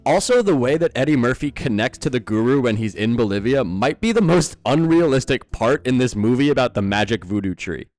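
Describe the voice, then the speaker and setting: A man's voice: mid-range voice, expressive, a little fast, hardly any pauses, darkish tone, faint music behind. A young man giving a sarcastic, incredulous film review in scripted commentary.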